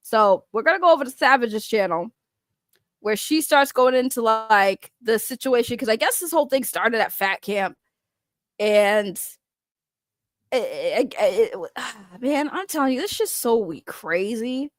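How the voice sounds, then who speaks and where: A woman's voice: a little high, expressive, unhurried, no echo, clean studio sound. A young woman host rambling through casual reaction commentary, chatty and swearing freely.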